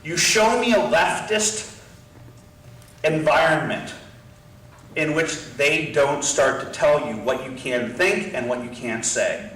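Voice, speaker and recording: A man's voice: on the high side, slow. A man giving an impassioned political lecture in a combative way. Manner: forceful, combative, acts out whispered asides. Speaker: guest lecturer. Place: large university lecture hall. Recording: roomy hall, voice from far off the mic, faint noise.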